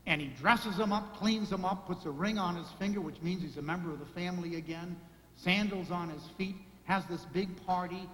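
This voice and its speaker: High-voiced man preaching in echoey church. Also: moderate pace, fairly bright tone. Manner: repetitive emphatic lists and rhetorical questions. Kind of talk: sermon. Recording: echoey hall reverb, faint ambience.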